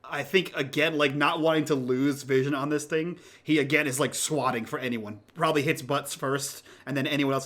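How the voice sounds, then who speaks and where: A man playing a tabletop game, describing his character's actions in an animated way. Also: on the high side, moderate pace, hardly any pauses. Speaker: player.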